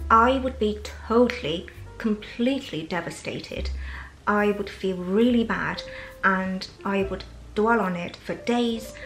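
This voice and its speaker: A Chinese-born woman with a polished British accent talks openly to her viewers in a relaxed vlog. Her voice sits at a middle pitch and she speaks in a candid, thoughtful way with soft fillers. The room adds a noticeable echo, and faint music plays underneath. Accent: British English, learned. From China. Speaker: English teacher and channel host. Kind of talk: casual personal vlog monologue.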